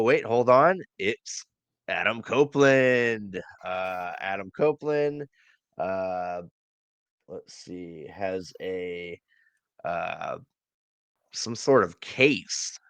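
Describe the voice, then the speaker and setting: Speaking extremely slowly in a deep, clear, resonant voice, this podcast co-host chats casually about a wrestling show. His laid-back recap is full of ums and uhs, and he's quick to laugh. There's no room sound on the track.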